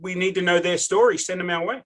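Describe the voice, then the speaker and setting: A man's voice: high-pitched, steady tone, quick pace. An Australian man hosting a casual interview, chatty and jokey, wandering into tangents. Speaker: podcast host.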